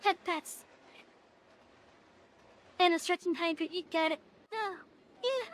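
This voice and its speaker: High-voiced, playful woman streamer. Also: takes it slowly, a bit bright, a little hiss or hum. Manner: chatty, playful, talking to chat. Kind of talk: casual live game stream chat.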